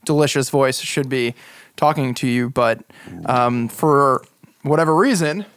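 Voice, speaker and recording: A man's voice: mid-range voice, smooth, dry recording, clean studio sound. A man running a tabletop game, chatting casually and rambling with hesitations. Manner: rambling, hesitant, fast when excited. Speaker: dungeon master.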